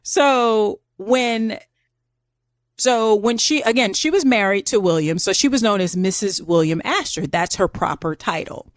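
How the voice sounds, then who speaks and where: A woman co-hosting a podcast, telling a history story in an animated, chatty way. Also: mid-range voice, measured pace, no echo, studio quality. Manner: chatty, animated, says "girl" and "like". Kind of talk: casual storytelling chat.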